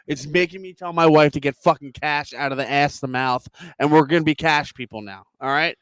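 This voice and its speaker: A fairly high-voiced man rants in a heated, profane stream. He sounds like he is in his thirties and is recorded on a dry, close microphone. The delivery is animated and conversational, like a podcast co-host. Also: fairly quick, hardly any pauses, clean tone, no echo. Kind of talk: ranting casual chat.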